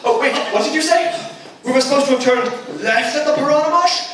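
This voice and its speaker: Young man doing a high, bouncy, blustering explorer, comic stage skit, echoey hall. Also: brisk, a crowd in the background. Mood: exasperated. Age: teens. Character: pompous, bumbling British explorer man. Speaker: emcee. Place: school auditorium stage. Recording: echoey auditorium from far off, noisy.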